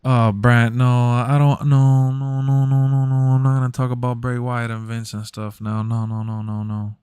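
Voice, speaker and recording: A man's voice: mid-range voice, completely flat delivery, normal speed, a little mellow, smooth, dry recording. A young man streaming and chatting casually, rambling, repeating himself and laughing often. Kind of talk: casual chat.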